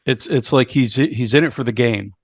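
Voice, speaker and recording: A podcast co-host with a medium-pitched voice casually recaps a horror movie, halting and often repeating words along the way. The recording is dry and studio quality.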